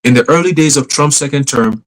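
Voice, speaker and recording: A man's voice: medium pitch, a little fast, low-quality recording. A man hosting a podcast, reading a news article aloud and adding casual, cursing asides, often stumbling and rereading words. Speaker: podcast host.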